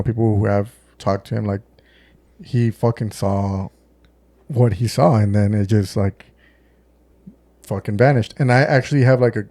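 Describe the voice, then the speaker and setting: A former deputy co-hosting a podcast tells a story in a West Texas accent, his voice fairly low and dark, recorded dry. In casual chat he swears often and acts out quotes, using plenty of "like" and "dude."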